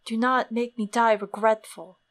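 A woman reading the lines of a weary old male commander, solemn and measured. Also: on the high side, level tone, fairly bright tone, lightly acted.

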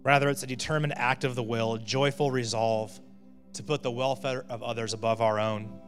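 A man's voice: mid-range voice, fairly even intonation, fairly quick. A male pastor giving a sermon in a conversational way, often checking in with "right?" and building to emphatic peaks. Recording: long reverb of a hall with faint music.

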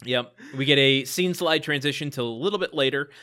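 A man with a bright, clear voice at a middle pitch, chatting casually as a podcast co-host. He walks through a sitcom episode scene by scene, quoting lines and laughing as he goes. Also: a little fast. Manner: laughs often, retells scenes with quoted lines.

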